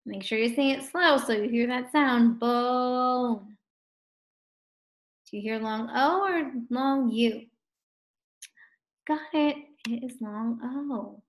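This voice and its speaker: A woman's voice: fairly high pitch, unhurried. A woman teaching a recorded phonics lesson to first graders, sounding out words and praising the children.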